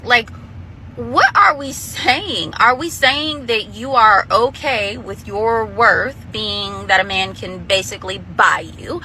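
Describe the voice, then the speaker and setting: A woman's voice: mid-range voice, slow pace, sharp tone, slight background noise, low-quality recording. A woman giving casual commentary, incredulous and questioning throughout.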